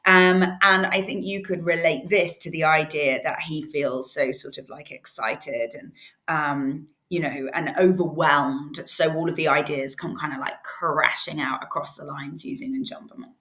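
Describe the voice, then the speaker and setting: A woman's voice: low voice, fairly even intonation, measured pace, a bit bright. A woman giving a casual, chatty literature revision lesson to students. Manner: chatty, informal, encouraging. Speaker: English literature teacher.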